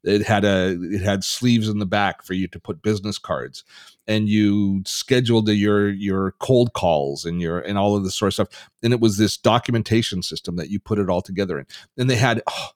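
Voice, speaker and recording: A man's voice: lowish voice, normal speed, no room sound. A middle-aged man co-hosting a podcast, talking in a rambling way with restarts and dry jokes. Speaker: podcast co-host. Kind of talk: casual chat.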